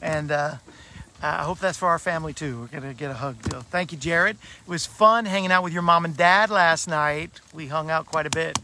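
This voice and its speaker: A man hosting a live Christian talk show, enthusiastic and chatty with quick amens. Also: fairly high pitch. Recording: noisy live broadcast.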